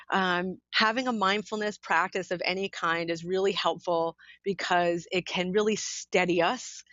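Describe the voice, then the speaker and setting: A woman leads a guided mindfulness practice, calm and unhurried with soft pauses between her instructions. Her voice sits at an ordinary middle pitch. The audio is dry and somewhat dull, like a lo-fi webinar recording. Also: no echo. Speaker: workshop leader.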